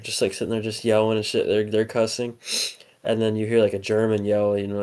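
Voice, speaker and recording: A man's voice: on the low side, level tone, brisk, a little mellow. Rambling, swearing young man. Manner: swears often, rambling with many fillers. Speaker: podcast co-host. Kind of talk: casual podcast chat.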